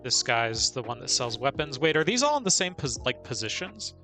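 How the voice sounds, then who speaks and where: A man's voice: medium pitch, very animated, brisk, pushed and bright, faint music behind. A man streaming a video game live, chatting casually, narrating his moves and laughing often. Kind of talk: casual live gameplay commentary.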